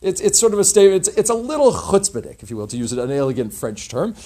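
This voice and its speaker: Guy teaching a class, kinda high voice, lots of um and uh, restarts a lot, chatty asides. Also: expressive, dark tone. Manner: halting, many restarts and fillers, chatty asides. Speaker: teacher leading a Mishnah class.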